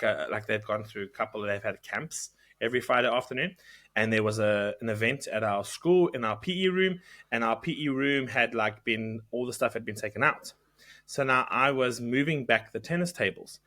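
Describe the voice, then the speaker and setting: A man with a bright, forceful tone tells an anecdote from his job at a school. He speaks in a casual podcast chat. He keeps stopping to fix his own words as he goes. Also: medium pitch. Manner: anecdotal, self-correcting storytelling. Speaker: podcast co-host; teacher at a school abroad.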